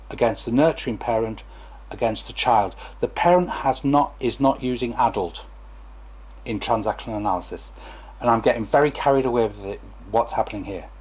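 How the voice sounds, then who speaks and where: A man's voice: medium pitch, darkish tone. A former stammering therapist, a man, gives a chatty, digressive talk to camera and acts out examples as he goes.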